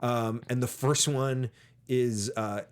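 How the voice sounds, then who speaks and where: Regular-pitched guy hosting a movie chat, chatty, acts out the scenes. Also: fairly even intonation, slow pace. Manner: chatty, acts out lines from the film. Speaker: podcast host. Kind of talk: casual film discussion.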